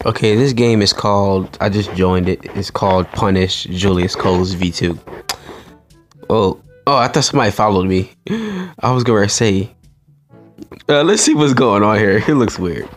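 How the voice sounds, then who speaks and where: A man's voice: on the low side, expressive, moderate pace, soft background music. A man hosting a gaming channel, giving casual, chatty commentary while he plays and often laughing and talking to his viewers.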